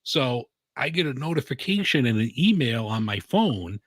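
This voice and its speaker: A man's voice: mid-range voice, big pitch swings, normal speed, a bit bright, dry recording. A man who writes about food and beer, chatting casually on a live stream in a rambling way, full of "like" and "you know".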